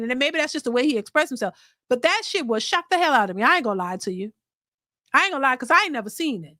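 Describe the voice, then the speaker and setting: Woman streamer, high voice, blunt and lively, chatting casually and mocking people. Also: no room sound, studio quality. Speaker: livestream host reading super chats. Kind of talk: casual opinion commentary.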